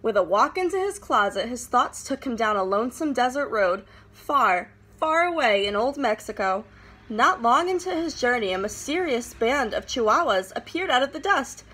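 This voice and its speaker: A teacher reading a picture book aloud to her class with expressive, animated storytelling. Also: fairly high pitch, normal speed, husky.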